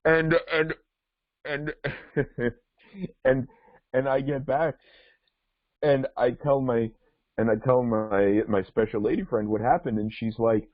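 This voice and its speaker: A man's voice: medium pitch, lively intonation, unhurried, pauses often, no room sound. A male podcast host telling a rambling story in casual chat, full of restarts and fillers. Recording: tinny phone-like line.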